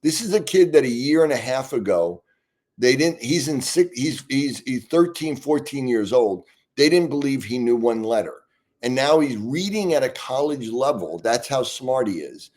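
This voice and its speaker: A man's voice: mid-range voice, animated, normal speed, darkish tone. A man, a guest expert in an interview, speaking earnestly and passionately, often restarting his sentences. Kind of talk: conversational interview answers.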